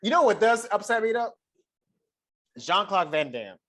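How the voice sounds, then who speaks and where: A man with a Southern Texas accent, co-hosting a casual podcast, animated and laughing, swearing freely. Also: high voice, normal speed. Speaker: podcast co-host. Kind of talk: casual chat.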